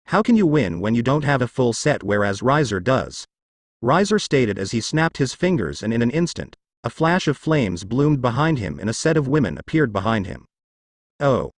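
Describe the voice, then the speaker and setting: Reading a piece of fanfiction aloud, a man voices both the narration and every character himself. His pitch shifts constantly, and the sound is close and dry, with no room tone and no echo.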